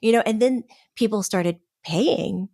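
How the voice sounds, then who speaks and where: A woman's voice: mid-range voice, measured pace, a little mellow, dry recording, clean studio sound. A middle-aged woman guest telling a story in casual chat, laughing often and acting out the people she quotes. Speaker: podcast guest, medium.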